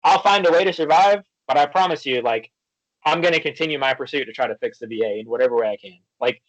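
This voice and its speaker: A man guest on a podcast, chatting casually and telling animated stories, acting out the quoted back-and-forth. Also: a little high, fast talker, dry recording, poor audio. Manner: storytelling, animated, acts out quoted exchanges. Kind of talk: casual chat.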